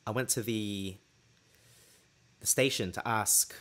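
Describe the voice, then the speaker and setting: A man hosting a podcast, telling a personal story in a casual, lively way and acting out what people said. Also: lowish voice, slow pace. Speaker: podcast host.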